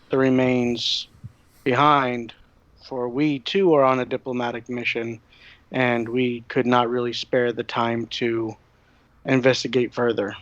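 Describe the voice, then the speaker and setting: Deliberate male player, slow delivery, dry, slightly muffled line. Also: mid-range voice, dry recording. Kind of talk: in-character tabletop play.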